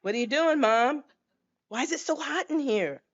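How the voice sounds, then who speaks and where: A woman's voice: animated, normal speed, lo-fi sound. An older woman voicing a frightened unborn baby girl who pleads with her mother in a small, childlike way. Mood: bewildered. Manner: pleading, childlike, rising high.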